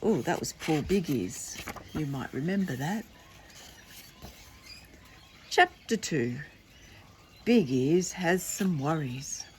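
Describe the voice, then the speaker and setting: A woman's voice: deep voice, expressive, slow pace, long pauses, a little mellow, a little hiss or hum. An older woman reading a children's book aloud, chatty and playful with asides to the listener. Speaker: storyteller.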